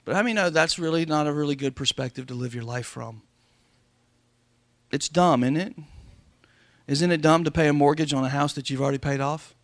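A man preaching a sermon as pastor to his congregation, calling for amens and reading scripture slowly and loudly. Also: a little high, dry recording. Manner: preaching with call-and-response, slowing and rising to read scripture. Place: church sanctuary before a congregation.

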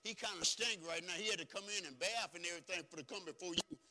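A man's voice: high voice, fast talker, pushed and bright, in a large hall, voice pushed up, full character voice. A man preaching, voicing Jesse as a homespun country father talking about his youngest son. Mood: explaining.

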